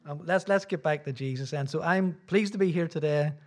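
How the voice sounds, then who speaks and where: A man's voice: a little high, brisk, darkish tone. A middle-aged Irish man, a visiting preacher, giving a sermon in a church with rambling, self-deprecating asides. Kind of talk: sermon with casual chat.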